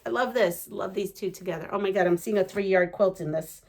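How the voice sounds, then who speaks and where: An excitable woman chats her way through a casual unboxing. Her voice sits at an ordinary middle pitch, and she rambles with plenty of ums and uhs. She gasps and giggles as she gushes. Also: fairly quick, gravelly. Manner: rambling, many fillers. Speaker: quilting vlogger.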